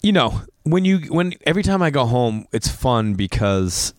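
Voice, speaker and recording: A man's voice: mid-range voice, sing-song, moderate pace, no room sound, studio quality. A man with a Boston accent, a comedian and podcast host, telling rambling, profane stories full of fillers in a garage. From Massachusetts. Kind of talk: casual storytelling.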